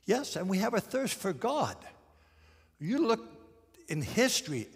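A man preaching a sermon as pastor, emphatic and deliberate, slowing down to stress key phrases. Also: high voice, slightly rough, long reverb tail.

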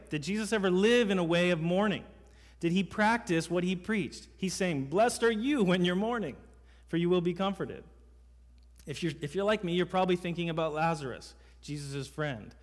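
A male pastor preaching an emphatic sermon, his voice sitting a little higher than most men's. He leans on rhetorical questions to draw the congregation in. Long reverb carries his words around the church. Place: church sanctuary. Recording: reverberant hall sound.

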